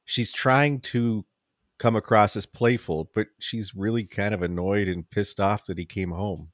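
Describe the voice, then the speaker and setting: A man's voice: lowish voice, fairly even intonation, unhurried, no echo, studio quality. A man co-hosting a film podcast, thoughtfully explaining a scene in casual chat. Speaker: podcast co-host.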